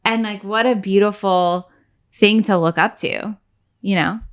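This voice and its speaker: A woman's voice: mid-range voice, steady tone, measured pace, smooth. A woman co-hosting a podcast, talking earnestly and casually about faith, with frequent "like" and "you know". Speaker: podcast co-host.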